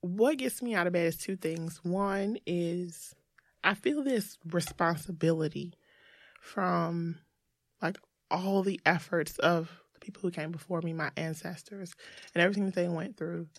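A woman's voice: fairly low pitch, unhurried, no echo, studio quality. A woman guest from the United States, talking in a casual interview in an earnest, reflective way.

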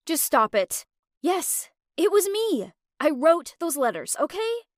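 A woman plays a bitter young woman turning on her former best friend, all scorn and accusation. Her voice sits high and the storybook recording is close and dry. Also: very animated, slow, dry recording, full character voice. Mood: bitter, accusing.

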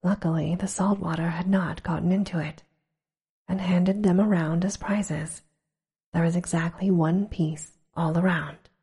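A woman reading a storybook aloud in a hushed, slow whisper, as whispered role-play. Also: lowish voice, steady tone, husky. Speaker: storybook reader.

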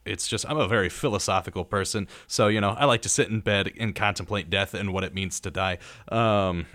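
A young male radio host with a lowish voice tells movie stories in a loose, rambling way, filling gaps with ums. His voice is dry and close, recorded in a studio. He briefly acts out characters' lines as he goes. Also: a little fast, no room sound. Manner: relaxed storyteller, acting out scenes with many ums. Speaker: radio talk show host. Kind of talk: casual chat about horror movies.

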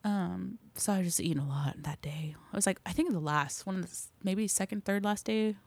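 A woman's voice: mid-range voice, a little fast, gravelly, a little mellow, dry recording. A young woman, an actor, telling a casual story in an interview with lots of fillers. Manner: chatty, filler-heavy, laughing storyteller. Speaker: actor guest.

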